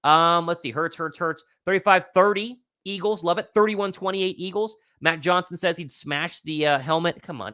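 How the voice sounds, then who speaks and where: A young man hosting a live sports stream, talking with excitable confidence and reading out viewers' questions. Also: high-pitched, moderate pace, few pauses, clear, resonant tone, no room sound, studio quality. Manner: excitable, confident, reads chat questions aloud. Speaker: host of a sports livestream. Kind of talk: live pregame Q&A commentary.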